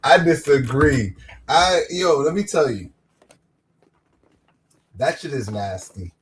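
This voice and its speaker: A man's voice: mid-range voice, lively intonation, takes it slowly, slight background noise. A man hosting a podcast in casual chat, loose and slangy with many false starts. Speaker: podcast host.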